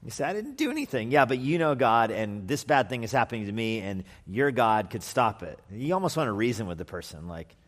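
A male pastor preaching a sermon in a conversational, animated way, acting out the people in the story. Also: on the low side, a little fast, few pauses, long reverb tail.

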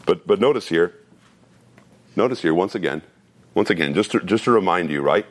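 A man in his thirties preaching a sermon, earnest and repeating phrases as he builds each point, sometimes dropping into a relaxed, story-telling tone. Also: normal speed. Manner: drops to a low conversational tone for a personal story. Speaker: pastor.

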